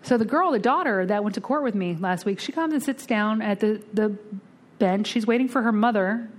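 A woman speaking at a twelve-step recovery meeting, telling a blunt, salty story with lively storytelling and acting out the other voices. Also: medium pitch, normal speed. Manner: lively storytelling, acts out the voices in her tale; blunt and salty, casual swearing.

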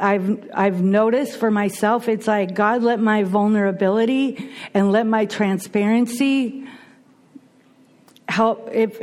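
Middle-aged woman, plain mid pitch, earnest testimony, animated and candid. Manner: earnest, animated, frequent restarts and you-knows. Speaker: recovery meeting speaker. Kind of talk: personal testimony talk.

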